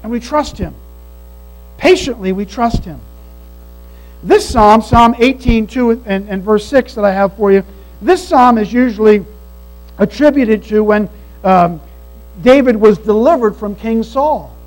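Preacher, male, very high-pitched, earnest emphatic sermon delivery, faint hum on the recording. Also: unhurried, pauses often, a little mellow, rough recording. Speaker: pastor. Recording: mains hum behind the voice.

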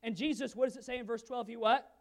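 A male pastor preaching a sermon, asking the audience questions and swinging from quiet asides to loud emphasis. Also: very high voice, fairly even intonation, quick pace, creaky.

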